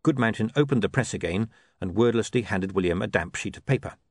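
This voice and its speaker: A man's voice: lowish voice, fast talker, darkish tone, no room sound. A man reading a comic novel aloud as narrator, with wry, dry storytelling. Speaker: audiobook narrator. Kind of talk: scripted narration.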